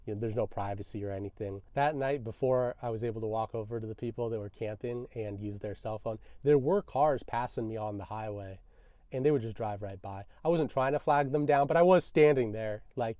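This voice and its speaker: A young man spins a road-trip yarn in an easygoing, wry tone, poking fun at himself. His voice is mellow and dark, and the sound is close and dry. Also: on the low side, fairly quick, no room sound, dull audio. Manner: relaxed, self-deprecating, wry. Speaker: vlogger. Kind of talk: casual storytelling.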